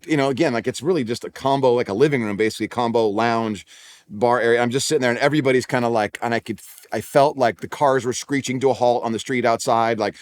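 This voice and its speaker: A man's voice: medium pitch, no echo. A man in his forties, a pastor with a Californian accent, telling a personal story in a sermon, conversational and self-deprecating with frequent restarts. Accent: Californian English. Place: church auditorium.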